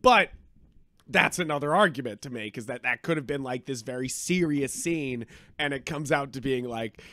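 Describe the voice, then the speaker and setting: A man co-hosting a podcast, chatting casually about a film, animated and swearing freely as he acts out reactions. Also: medium pitch, normal speed, no room sound, clean studio sound. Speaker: podcast co-host. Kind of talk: casual movie review chat.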